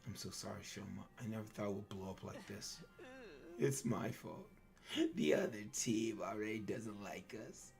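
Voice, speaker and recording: Dude voicing a sad sorry student, mumbly and quiet, kinda gravelly. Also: male voice, lowish voice, steady tone, moderate pace, faint music behind, voice pushed down. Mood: despairing. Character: timid self-blaming young student, despairing. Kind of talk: reading game dialogue aloud.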